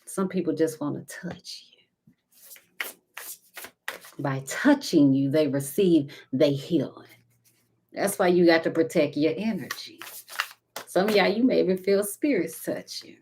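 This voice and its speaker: A woman giving a casual spiritual tarot reading, talking intimately to viewers and calling them baby and honey, sometimes dropping to a soft whisper. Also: sits low, a little slow, a little hiss or hum. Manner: intimate and chatty, calls listeners baby and honey. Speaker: tarot card reader.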